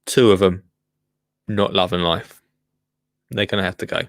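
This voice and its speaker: A man hosting a casual livestream, chatting and joking as he reacts to a gardening show. He often restarts his sentences and coos at his plants in a high, sing-song voice. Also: steady tone, moderate pace, dry recording, clean studio sound. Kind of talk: casual chat.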